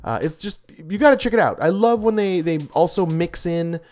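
Male comic reviewer, higher-pitched, animated and gushing, casual delivery with restarts. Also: moderate pace, soft background music.

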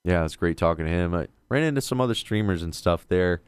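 A man's voice: deep voice, expressive, quick pace, smooth, no echo. A man in casual chat, telling long rambling stories and swearing freely.

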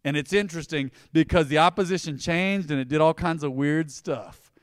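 A male pastor preaching a conversational sermon, emphatic and swinging between loud and hushed lines. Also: fairly high pitch, normal speed, no room sound, clean studio sound.

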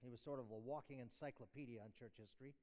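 A man's voice: mid-range voice, fairly even intonation, rapid-fire, a little mellow. A middle-aged man giving a chapel sermon, explaining scripture in an earnest, teaching way with restarts and small chuckles. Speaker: chapel speaker. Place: university chapel hall. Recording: reverberant hall.

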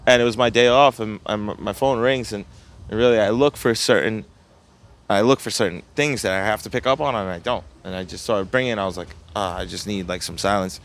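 A man's voice: lowish voice, a little fast, a bit bright. A young man, a pizzeria owner telling a story in casual chat, profane and often laughing.

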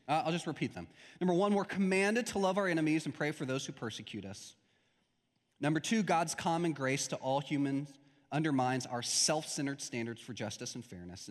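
A male pastor preaches in a relaxed, conversational way that swells into emphatic points. His voice sits a little high for a man. A long reverb of a church hall trails behind every phrase. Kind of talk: sermon.

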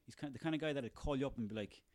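A man's voice: mid-range voice, very fast, a little mellow, no room sound. Profane Irish man ranting. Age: 30s. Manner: profane, sarcastic, ranting, rambling. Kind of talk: comic rant monologue.

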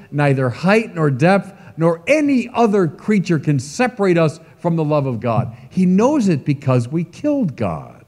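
Middle-aged male bishop, mellow and fairly high voice, emphatic sermon delivery, long church reverb. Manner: emphatic, lively preaching with asides to the congregation. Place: large church.

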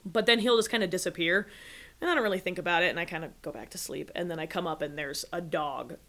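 A woman with a Minnesota accent, co-hosting a casual podcast in a playful, giggly, expressive way. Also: fairly low pitch, fast. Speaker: podcast co-host. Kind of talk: casual chat.

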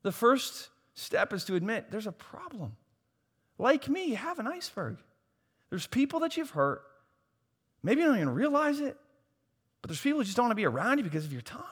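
A male pastor preaches with emphatic, repeated phrases and wry asides at his own expense. His voice sits a little higher than most men's. A long reverb trails behind him from a large hall. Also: big pitch swings, moderate pace, pauses often, fairly bright tone, husky. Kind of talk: sermon.

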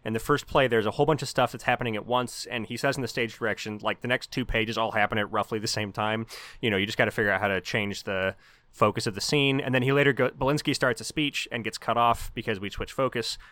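Fast-talking analytical man, dry sound. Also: lowish voice, steady tone, fairly bright tone, no room sound. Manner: analytical, explaining at length. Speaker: podcast co-host. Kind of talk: casual book discussion.

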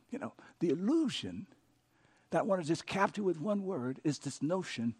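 A man preaching a sermon as pastor, telling a story with dramatic rises and hushed repeated words. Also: fairly high pitch, animated, moderate pace. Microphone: podcast recording of a sermon.

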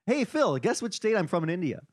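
A man from Chicago co-hosting a comedy podcast, reading out news with sardonic asides and halting fillers. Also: sits high, big pitch swings, dry recording, clean studio sound. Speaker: podcast co-host. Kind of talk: casual comedy podcast chat.

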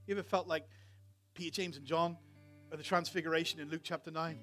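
A man preaching in a church, telling a personal story with animated swings between loud excitement and hushed tones. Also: on the high side, fast, soft background music. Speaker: pastor. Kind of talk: sermon storytelling.

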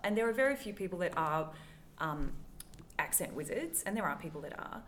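A woman's voice: fairly low pitch, expressive, brisk, fairly bright tone, slight background noise. A woman, interviewing a guest casually, with friendly "yeah"s and easygoing follow-up questions. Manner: friendly, affirming, frequent "yeah".

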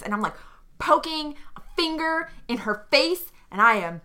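A woman in her thirties playing in a tabletop game, animated and joking as she argues her case. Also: high-pitched, normal speed. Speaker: player. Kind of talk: casual tabletop role-play.

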